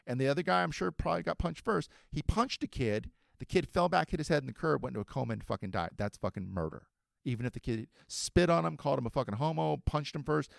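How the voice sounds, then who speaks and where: Male podcast host, middle-aged, quick profane storyteller who acts out both sides of a quarrel; lively pitch. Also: gravelly, no room sound, studio quality. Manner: animated, swearing, acts out both sides of a quarrel, bursts into shouts.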